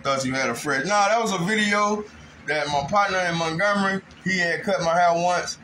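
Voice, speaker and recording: High, bright-voiced man venting at home, faint background noise. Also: normal speed. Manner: aggrieved, rambling storytelling with raised outbursts. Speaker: vlogger. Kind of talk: casual monologue. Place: home kitchen.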